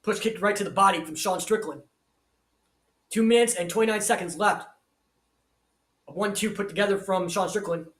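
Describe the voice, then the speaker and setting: A man's voice: sits high, normal speed, pauses often, a bit bright, echoey room. A man giving crude, profane live commentary on a fight, swearing constantly and reading out viewer comments. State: shouting with excitement.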